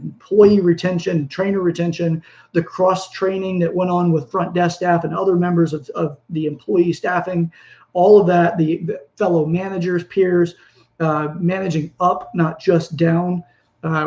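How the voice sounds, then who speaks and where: This is a man with a slightly high voice, talking earnestly through a motivational monologue. He rambles, restarts phrases and corrects himself mid-thought. The recording is dull and lo-fi. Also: darkish tone. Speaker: podcast host.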